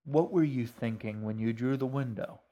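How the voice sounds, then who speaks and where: A man reading a story aloud, voicing a polite middle-aged stranger who speaks gently and a bit formally. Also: medium pitch, muffled recording, close to an everyday voice. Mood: calm. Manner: measured, mildly formal.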